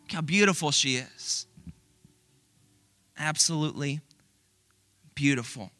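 Male preacher, earnest and animated, sermon storytelling; very bright, edgy tone, slightly high pitch. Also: a little slow. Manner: earnest, animated, conversational with restarts. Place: church auditorium with screen.

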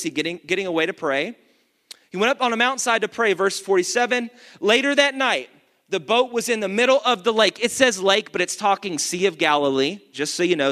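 A male pastor giving an energetic sermon, reading scripture and calling out to the congregation. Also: high voice. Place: church. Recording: long church reverb.

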